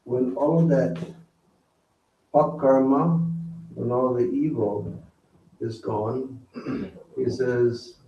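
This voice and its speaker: A man giving a spiritual talk, teaching slowly and asking the audience questions. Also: medium pitch, steady tone, dark tone, slight background noise. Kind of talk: sermon. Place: temple hall with audience. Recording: roomy, distant, dull hall recording.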